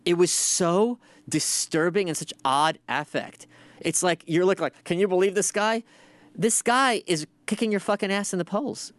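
A man hosting a podcast, ranting in casual commentary with sardonic, profane asides and animated outbursts. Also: a little high, no room sound. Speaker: podcast host.

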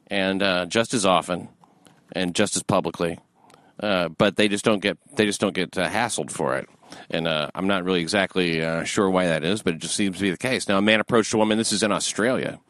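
A man with a fairly low voice hosts a talk show in loose, crude, rambling chat. He stops and restarts constantly with uh and you know. It is recorded close and dry, with no room sound at all. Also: fairly bright tone, no room sound. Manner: rambling, halting with many fillers, profane. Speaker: radio show host.

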